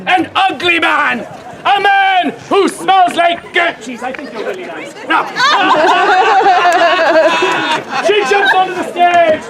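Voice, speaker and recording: A man comically narrating a live audience-participation show and shouting cues for the crowd to repeat. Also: very high-pitched, animated, slow. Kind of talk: live comedic storytelling to a crowd. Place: outdoor fair stage. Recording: loud crowd noise outdoors. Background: loud crowd of onlookers.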